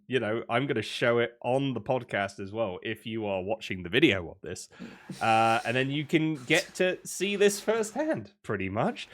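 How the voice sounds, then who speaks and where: Young man, British accent, casual podcast chat, rambling, lively pitch. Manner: rambling, excitable, laughs a lot. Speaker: podcast co-host.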